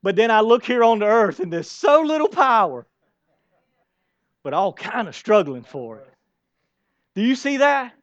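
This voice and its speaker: A man preaching a sermon with a high, lively voice, throwing questions at his congregation and slipping into soft asides. The sound is dry and somewhat dull, lo-fi. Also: measured pace, pauses often, dry recording. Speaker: pastor.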